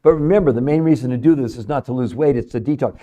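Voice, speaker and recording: Here a middle-aged male livestream host, a nutrition researcher, talks fast to his chat viewers, selling hard and driving points home through repetition. The recording is muffled, carrying a warm, mid-range voice.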